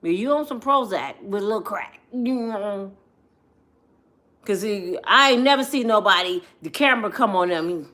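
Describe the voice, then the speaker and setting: A woman vlogger telling a comedic storytime in an animated, slangy, joking manner, often laughing. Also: medium pitch, normal speed.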